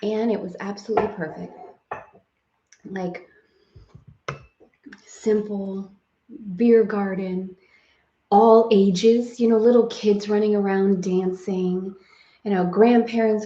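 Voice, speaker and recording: A woman in her forties talks in an effusive, chatty way on a live stream, greeting viewers by name and laughing between her stories. Her voice has a middle pitch. The sound carries a roomy echo and is a little dull. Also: warm tone. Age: 40s. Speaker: host of a live spiritual study stream.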